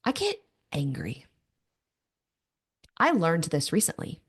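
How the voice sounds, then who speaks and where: A woman's voice: low voice, huge pitch swings, slow, breathy edge. A woman in her thirties hosting a podcast, telling personal stories candidly with self-mocking asides. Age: 30s. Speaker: podcast host. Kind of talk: personal monologue.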